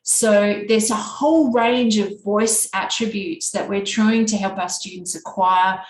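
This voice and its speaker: A woman's voice: medium pitch, unhurried. A woman with a nasal Australian East Coast accent presenting a teacher workshop in an easy conversational way. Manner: can be monotone; conversational, with fillers and restarts. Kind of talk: workshop talk. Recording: echoey room with faint background noise.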